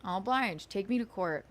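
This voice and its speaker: Sarcastic woman host, casual stream rant, giggly, lively pitch. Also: normal speed. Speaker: livestream host.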